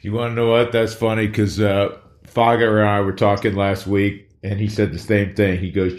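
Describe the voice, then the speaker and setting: A man's voice: fairly low pitch, level tone, normal speed, hardly any pauses. Male radio host asking leading questions. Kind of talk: radio interview.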